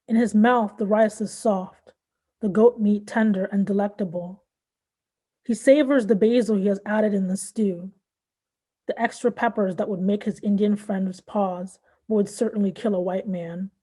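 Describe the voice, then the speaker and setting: A woman from Nigeria and Southern California reading her own fiction aloud in a measured, even way. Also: mid-range voice, breathy edge. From born in Nigeria, raised in Southern California. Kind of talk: literary reading.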